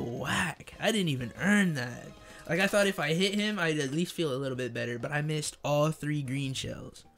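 A young man streaming a kart racing game, chatting in slang, joking, reading chat aloud and yelling at the game. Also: on the high side. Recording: faint game music behind.

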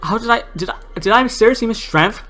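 A young man commentating his own gameplay, exasperated, swearing, and breaking into shouts and laughs at his losses. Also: high voice, quick pace.

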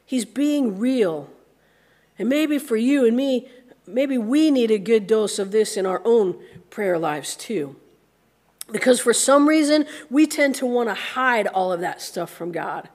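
A woman's voice: on the high side, a little mellow. An American woman pastor giving a conversational sermon, acting out the voices of people in the story now and then. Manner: conversational, acts out grumbling voices.

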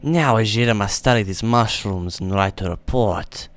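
A man's voice: fairly low pitch, normal speed, natural voice. A man voicing a scheming female cat-folk mage apprentice who speaks of herself in the third person, as game audio with faint music behind.

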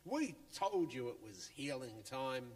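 A man voicing a band of excited male friends who whoop and cheer in a very high, loud voice. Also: slow. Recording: long church reverb, faint music.

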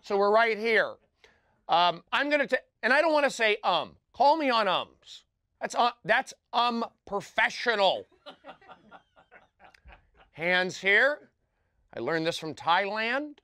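Halting, earnest male comedy host. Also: sits high, sing-song, pushed and bright, smooth, no room sound, studio quality. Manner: halting, earnest, clipped phrases with sudden drops in volume. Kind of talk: self-serious comedic monologue.

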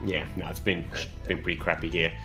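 A man's voice: sits low, flat delivery, fairly quick, sharp tone, soft background music. A man casually commentating a video game race, chatty and rambling, with lots of fillers and restarts.

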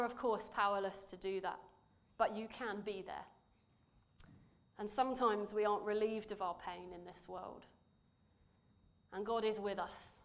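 A woman's voice: medium pitch, gravelly. Earnest woman preaching a sermon. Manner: measured, earnest, dropping to quiet emphasis. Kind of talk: sermon with scripture reading. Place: church.

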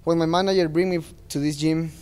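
A man's voice: on the high side, steady tone, fast talker, a little mellow, clean tone. A man speaking as a fighter at a post-fight press interview, earnest and plain-spoken, with non-native phrasing.

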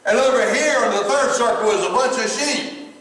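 A man's voice: very high voice, normal speed, a bit bright. Man, Southern US accent, middle-aged pastor, folksy humorous sermon, far from the mic, long church reverb. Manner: folksy, laughs often, repeats words. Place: church sanctuary. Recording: echoey hall from far off.

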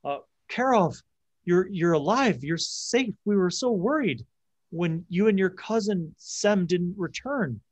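A man voicing an older farm woman, anxious and welcoming, raised high above his usual voice. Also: animated, a little slow. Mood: relieved. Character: worried older farm mother, kindly.

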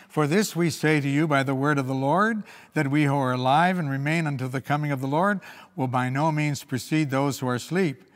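A man preaching a sermon as pastor, leaning hard on key words and slowing down to read scripture. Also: on the high side. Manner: emphatic preaching with slowed, stressed scripture readings. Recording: long hall reverb.

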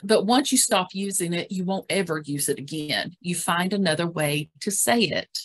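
A woman educator gives a calm, instructive webinar presentation on caregiving, walking listeners steadily through examples. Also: on the low side, normal speed. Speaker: dementia care educator.

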